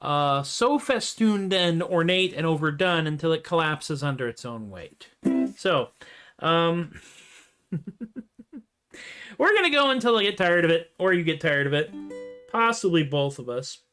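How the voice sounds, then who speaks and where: A man's voice: fairly high pitch, sing-song, a little slow, long pauses, a bit bright. A man hosting a home livestream of comedy songs, chatting in a playful, self-deprecating, rambling way. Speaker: host and singer-songwriter. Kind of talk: casual livestream chat between comedy songs. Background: acoustic guitar strumming.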